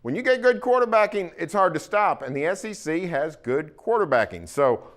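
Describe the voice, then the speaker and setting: A man with an Oklahoma accent co-hosting a casual sports talk show, folksy and opinionated, with plenty of pauses. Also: on the high side, sing-song, a bit bright. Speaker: sports columnist co-host.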